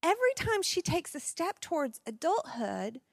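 A woman in her forties telling personal stories at a parenting seminar, expressive and laughing often. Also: very high voice, moderate pace, creaky, no room sound, studio quality. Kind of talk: personal storytelling talk.

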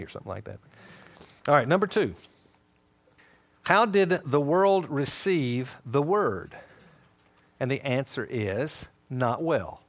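Animated man teaching a Bible lesson. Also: medium pitch, a little slow, pauses often. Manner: animated storytelling, acting out dialogue. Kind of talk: sermon-style teaching.

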